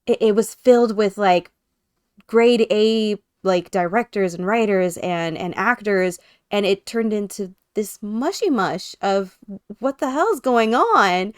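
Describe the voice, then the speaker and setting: A woman's voice: medium pitch, measured pace, a little mellow, clean tone, dry recording. Casting: female podcast host, chatty and giggly, dry close mic. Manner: giggly, chatty, reads chat comments. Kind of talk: casual chat.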